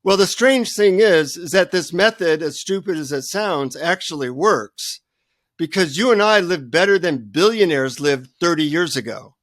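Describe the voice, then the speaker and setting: Man, guest author, animated humorous storytelling, fairly high voice, dry close sound. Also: moderate pace, no room sound. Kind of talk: storytelling in an interview.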